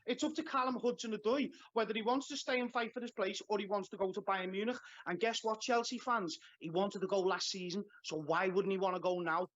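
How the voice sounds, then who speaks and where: Over dull phone audio, a caller to a football show gives his blunt, opinionated take and scolds fans. He speaks a little fast with hardly any pauses, in a high-pitched, slightly bright voice with fairly even intonation.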